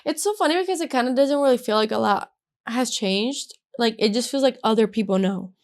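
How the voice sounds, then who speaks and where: A woman's voice: fairly high pitch, brisk. A young woman in her twenties hosting a podcast, telling a personal story in a gushing, casual way, with "like" in almost every sentence. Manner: gushing, filler-heavy, says "like" constantly. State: emotional, has a headache. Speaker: podcast host.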